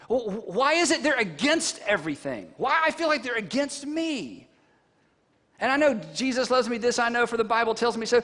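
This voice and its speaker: Male pastor, high voice, lively storytelling sermon, quizzing the crowd; echo in a big hall. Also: normal speed. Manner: animated storytelling with rhetorical questions to the congregation. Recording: long reverb from a large hall.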